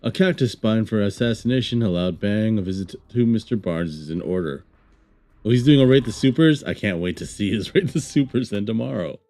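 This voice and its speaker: A man's voice: fairly low pitch, lively intonation, fairly quick, dark tone. A man streaming a game, joking and rambling casually while reading game text aloud. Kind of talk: casual let's-play commentary.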